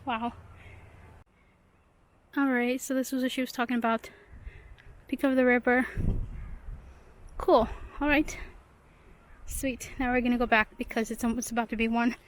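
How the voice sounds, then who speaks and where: Hiking alone through the woods, a young woman vlogs in a slightly high voice with little pitch movement, a moderate pace, and frequent pauses. She's chatty and a bit nervous, out of breath, talking to viewers and to herself. There's slight background noise.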